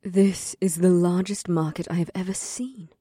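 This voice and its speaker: A man voicing a gentle, quiet fantasy woman who speaks in a mild, soft manner. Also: high-pitched, fairly even intonation, normal speed, husky, no room sound, clean studio sound, pitched above the performer's own voice.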